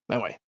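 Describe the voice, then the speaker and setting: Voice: a little mellow, no room sound, dull audio. A streamer chatting casually between voice impressions, rambling and hesitant as they pile up fan trivia.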